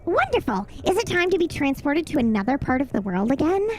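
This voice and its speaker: A woman's voice: high-pitched, sing-song, moderate pace, soft background music, voice pushed up. A woman voicing a weary, cynical male rat who mutters and sighs through dry remarks. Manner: muttering and sighing.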